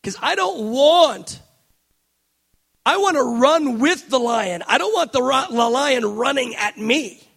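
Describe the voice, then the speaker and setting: A man preaching a passionate sermon, reading scripture aloud and building to fervent shouted emphasis. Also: extremely high pitch, animated, slow pace, creaky, husky.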